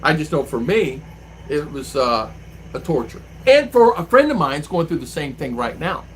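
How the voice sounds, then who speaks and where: A man's voice: a little high, moderate pace, low-quality recording. A man telling a story in casual vlog style, acting out the voices of the people in it, recorded outdoors with faint traffic behind him. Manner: animated, mimics voices when retelling exchanges. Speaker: vlogger. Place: outdoors, riding an e-bike.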